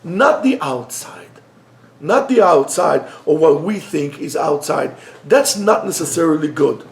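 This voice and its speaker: A man's voice: on the high side, unhurried, gravelly, reverberant. A middle-aged man teaching an informal Torah lesson, joking and telling stories conversationally. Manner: animated storyteller, joking, conversational. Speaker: rabbi teacher.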